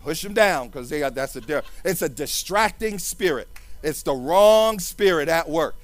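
A man's voice: on the high side, lively intonation, moderate pace, no room sound. A man preaching a sermon with fervent, sing-song delivery and repeated hallelujahs.

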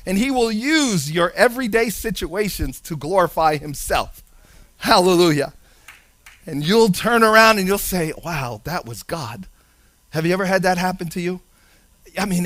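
A male preacher delivering a sermon, animated, shifting between hushed and loud with sing-song emphasis. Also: high-pitched, no room sound.

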